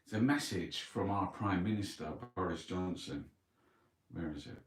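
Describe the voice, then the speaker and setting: A man's voice: low-pitched, moderate pace. A man hosting a casual newspaper review, blunt, mocking and full of swearing. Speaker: online show host. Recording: roomy, from a distance.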